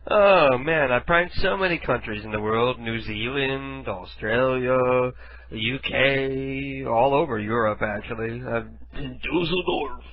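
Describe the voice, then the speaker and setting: A man's voice: medium pitch, slow, no room sound, muffled recording. A man hosting a radio show, chatting casually between prank calls in a rambling, crude, laughing way. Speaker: radio host.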